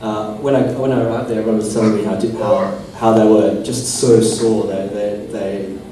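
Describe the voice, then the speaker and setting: A man's voice: lowish voice, steady tone, moderate pace, warm tone. Australian man on a far-off echoey panel. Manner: rambling, self-deprecating, mimics lines. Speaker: convention panelist, actor. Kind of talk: panel Q&A answers. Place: convention hall. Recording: echoey hall from far off, noisy.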